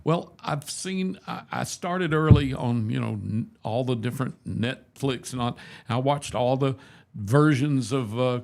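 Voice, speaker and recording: A man's voice: medium pitch, measured pace, gravelly, darkish tone. A man in his seventies, a radio host, telling rambling, self-deprecating stories in a casual, folksy chat. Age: 70s.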